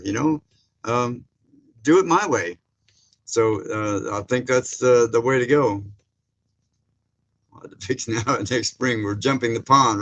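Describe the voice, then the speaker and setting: A man's voice: mid-range voice, a bit bright, lo-fi sound, slight background noise. Man, livestream host, loose rambling chat-reader. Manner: folksy, laughs often, many fillers. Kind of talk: casual live chat. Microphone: streaming setup mic.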